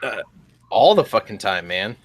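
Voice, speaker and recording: A man in casual chat, relaxed and profane. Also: on the low side, a little slow, no room sound.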